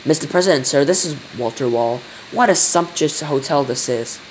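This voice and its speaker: A man's voice: on the high side, normal speed, a little hiss or hum, close to an everyday voice, rough recording. A man doing a pompous hotel manager.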